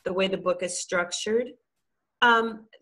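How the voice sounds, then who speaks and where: A woman's voice: medium pitch, unhurried, bright, forceful tone, rough recording. A woman book reviewer giving a thoughtful conversational review, restarting phrases as she works out her points.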